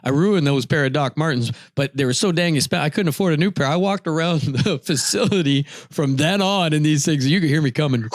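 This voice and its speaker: A man co-hosting a podcast, casually telling a hunting story. His voice leaps up high when he acts out his own shouting. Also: brisk, few pauses, no room sound, clean studio sound. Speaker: podcast co-host.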